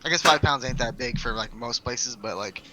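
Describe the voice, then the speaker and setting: A man with a medium-pitched voice talks at a normal speed over a noisy background. He's a podcast co-host in casual chat, a laid-back storyteller whose tales ramble.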